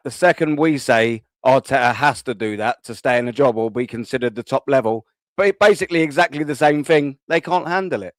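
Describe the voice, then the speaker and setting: A man in a heated football call-in, exasperated and quick to agree. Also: medium pitch, no echo, studio quality. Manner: agreeing, exasperated, uses slang like mate. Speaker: call-in panelist.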